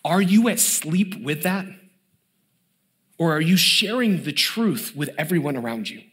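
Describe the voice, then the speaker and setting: A man in his thirties preaching a sermon as pastor, emphatic and building, dropping to a low hush on key words. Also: animated, measured pace.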